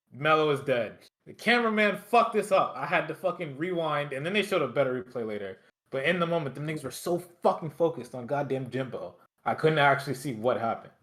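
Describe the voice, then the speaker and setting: A man's voice: medium pitch, fairly bright tone. A man co-hosting a podcast, recapping matches in loose, rambling casual chat full of swearing. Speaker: podcast co-host recapping wrestling.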